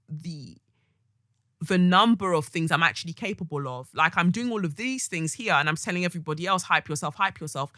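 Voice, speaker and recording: A woman's voice: low voice, pushed and bright, no room sound, studio quality. A woman hosting a podcast, talking candidly and reflectively about her feelings and acting out the voices she quotes. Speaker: podcast host. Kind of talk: candid solo podcast monologue.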